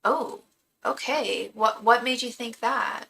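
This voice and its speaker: A woman's voice: on the high side, slow pace, vocal fry, sharp tone. A woman in her thirties giving a live-streamed tarot reading, chatty and full of ums, calling viewers girl. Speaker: tarot reader and psychic. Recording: distant mic with faint background noise.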